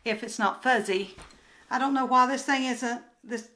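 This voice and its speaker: An older woman with a Southern US accent, chatting casually to camera while unboxing crafts, rambling and often trailing off into soft murmurs. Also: a little high, moderate pace, slight background noise, poor audio. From Southern United States. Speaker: crafts vlogger and booth vendor. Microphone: handheld phone camera.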